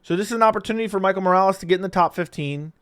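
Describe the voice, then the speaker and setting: A man with a smooth, clear, slightly high voice talks through fight picks in a loose, unscripted monologue. He is blunt and cusses freely. He laughs often and jumps from loud bursts to mutters. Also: very fast. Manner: blunt, profane, laughs often, animated swings in loudness. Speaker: MMA predictions commentator. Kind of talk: casual fight predictions monologue.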